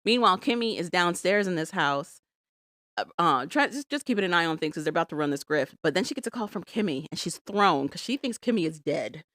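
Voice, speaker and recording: Woman recapping a show, animated. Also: lowish voice, fairly quick, no echo, studio quality. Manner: animated storytelling, acts out quotes. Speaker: podcast co-host. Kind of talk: casual recap chat.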